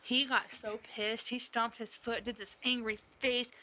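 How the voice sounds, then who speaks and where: A woman's voice: a little high, flat delivery, measured pace, pushed and bright, slight background noise, low-quality recording. A woman, a mother, talking casually and bluntly, swearing freely and rambling through stories. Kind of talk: casual chat.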